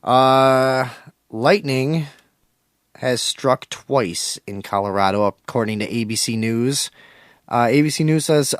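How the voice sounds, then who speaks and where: A man's voice: mid-range voice, slow, clear, resonant tone, no room sound. Brief: man, radio host, profane and rambling, very dry close studio sound. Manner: crude, loose, swearing, mock-aggressive with callers. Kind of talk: profane call-in radio talk.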